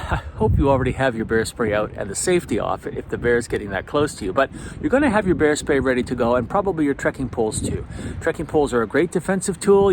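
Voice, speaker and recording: A man's voice: a little high, background noise. Man plainly explaining trail safety outdoors. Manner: plain-spoken, practical, with the odd chuckle. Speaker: hiking channel host. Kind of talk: instructional vlog talk.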